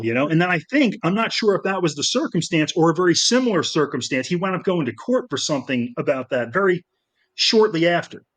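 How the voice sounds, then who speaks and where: Chatty middle-aged man with a higher voice. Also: rough recording. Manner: rambling, animated anecdotes with many fillers and restarts. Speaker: guest filmmaker. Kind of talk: casual storytelling interview.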